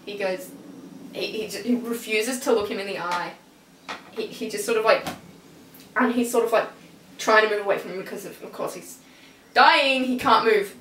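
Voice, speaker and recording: Young woman, excitable rambling reviewer; bright tone, roomy distant sound. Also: mid-range voice, normal speed, long pauses, a little hiss or hum. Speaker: reviewer retelling an episode. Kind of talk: casual chat. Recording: echoey room, a bit far from the mic.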